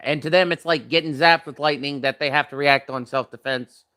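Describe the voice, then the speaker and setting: A man's voice: a little high, steady tone, a little fast, sharp tone. A young man chatting casually while tasting snacks, rambling with many fillers and talking with his mouth full. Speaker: vlogger.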